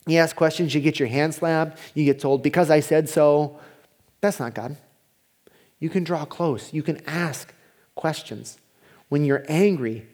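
A man preaching a sermon as pastor, in a conversational way, dropping to a hushed voice when he voices prayers. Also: on the high side.

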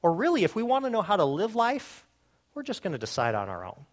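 Man, pastor, sermon, fairly high voice, very animated pitch, questioning, hushed for quoted lines. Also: fast talker.

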